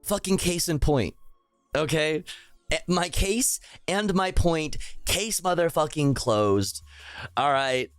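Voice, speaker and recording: A young man with a fairly high voice rants live on stream, swearing and repeating himself in exasperation. His voice is dry and close, with faint music underneath. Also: animated, slow pace, clean tone, dry recording. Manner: profane, exasperated, repetitive. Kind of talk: live political rant.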